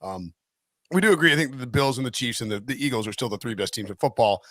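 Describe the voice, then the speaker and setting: A man of middling pitch co-hosts a casual sports betting podcast, rambling through his points with restarts and jokes. He often circles back mid-sentence before landing a thought. The recording is dry and close, with no room sound. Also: animated, fast talker, fairly bright tone, dry recording. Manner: rambling, lots of restarts and "like", jokey. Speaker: podcast co-host, NFL betting analyst.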